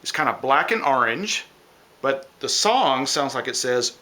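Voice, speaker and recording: A man's voice: mid-range voice, animated, measured pace, pushed and bright, slight background noise. A man teaching children a science lesson, explaining step by step and imitating bird calls.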